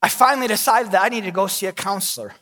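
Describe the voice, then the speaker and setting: A man's voice: high voice, rapid-fire, bright, forceful tone, big-room sound. A man in his thirties, a pastor, preaching a sermon with candid, self-deprecating storytelling.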